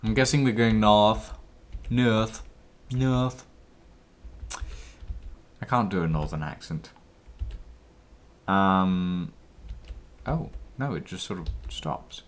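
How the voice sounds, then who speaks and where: A man's voice: low voice, animated, slow, pauses often. A man streaming a game live, thinking aloud and reading the game's text aloud between short reactions.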